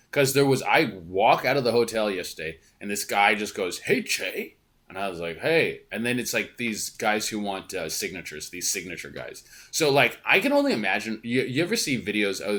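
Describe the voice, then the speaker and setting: Young male podcast host, lowish voice, loose profane rambling monologue. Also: fairly bright tone. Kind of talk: casual monologue. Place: hotel room.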